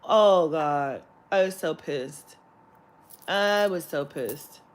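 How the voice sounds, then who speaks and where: A woman vlogger with a low voice speaks extremely slowly while telling a story as a casual, profane rant. She is animated and now and then mimics the voices of the clerks and other people she met.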